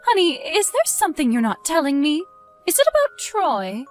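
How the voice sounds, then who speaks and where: A woman voicing a caring mother who gently coaxes and worries over her teenage son. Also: high-pitched, wildly swooping pitch, normal speed, faint music behind. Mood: concerned. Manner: gentle, coaxing, concerned.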